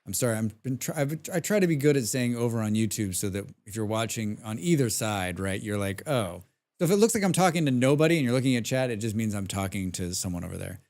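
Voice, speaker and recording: A man with a lowish, darkish, expressive voice talks quickly while live-streaming a game. He chats casually and ramblingly, reads chat aloud, and hums tunelessly to himself as he plays.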